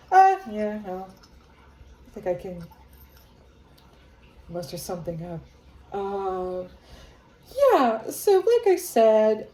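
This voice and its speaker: A woman psychic medium talking casually on her home vlog, rambling with many fillers and growing excited as she channels spirits. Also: mid-range voice, reverberant, low-quality recording. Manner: grows excited and awed while channeling. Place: her home, near living room and kitchen.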